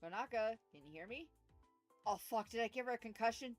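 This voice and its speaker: A woman streamer reading game dialogue aloud and joking with chat, swearing freely and reacting loudly. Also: fairly high pitch, lively intonation, brisk, faint music behind. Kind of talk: casual gameplay commentary.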